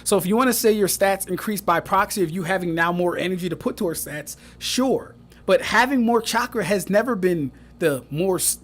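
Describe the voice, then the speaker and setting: High-voiced man mocking on a stream. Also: a little fast, fairly bright tone. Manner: mocking, exasperated, profane, repeats phrases, laughs often. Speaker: streamer reviewing fan debates. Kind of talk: casual livestream commentary.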